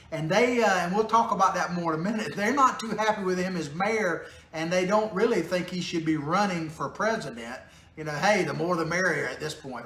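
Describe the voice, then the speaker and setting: A man's voice: high-pitched, pushed and bright. Wisecracking man in a roomy studio. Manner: joking, sarcastic asides, chuckles often. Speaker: political commentary show host. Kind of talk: casual political commentary. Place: small home studio. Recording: roomy echo in a small studio.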